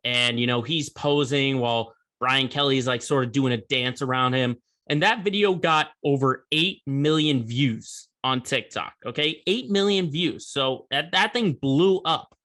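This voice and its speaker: A man's voice: medium pitch, pushed and bright. A man hosting a sports podcast, giving opinionated, conversational commentary with emphatic bursts.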